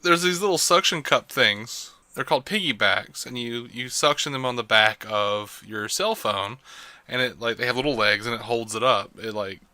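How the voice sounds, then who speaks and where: A man hosting a podcast in casual chat, talkative and quick to laugh, on a desk microphone. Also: medium pitch, bright, forceful tone, no room sound. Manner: chatty, laughs often. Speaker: podcast host. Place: home desk setup. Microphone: studio microphone.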